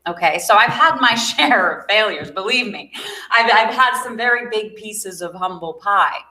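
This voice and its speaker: Bright, upbeat South Africa-born woman, guest chat, echoey room. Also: medium pitch, lively intonation, moderate pace. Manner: upbeat, laughs often, restarts phrases. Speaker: guest, magazine founder. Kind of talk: casual interview chat.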